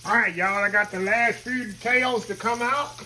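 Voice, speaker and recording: A man's voice: high-pitched, steady tone, a little slow, pushed and bright, a little hiss or hum. A man hosting a casual cooking vlog, talking folksy and calling his viewers y'all. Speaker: cooking channel host. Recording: kitchen with sizzling grease behind.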